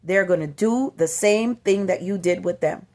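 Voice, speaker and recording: A woman's voice: on the low side, moderate pace, darkish tone. A mother hosting her own channel, giving an emphatic inspirational talk to parents, repeating her key points and acting out the voices she quotes. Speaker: motivational channel host and mother.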